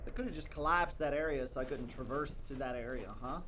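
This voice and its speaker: A man's voice: mid-range voice, quick pace. A man streaming a game and commenting live, muttering to himself and teasing his chat in a wry way. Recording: noisy with game sound.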